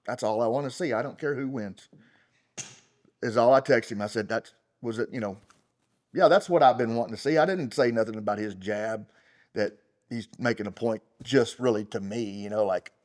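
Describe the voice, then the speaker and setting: A middle-aged man speaking bluntly and with plenty of profanity, mid-pitched and plain. He rambles with lots of fillers, then builds into loud, heated outbursts. He talks as a rodeo champion in a casual sit-down interview. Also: normal speed. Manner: rambling, full of fillers like "you know" and "like". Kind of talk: unfiltered casual interview talk.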